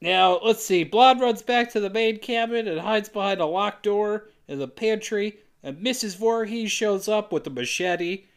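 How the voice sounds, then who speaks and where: A man's voice: high-pitched, moderate pace, few pauses, smooth. A man co-hosting a casual comedy podcast, narrating a film's plot with jokey asides. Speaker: podcast co-host recapping a film.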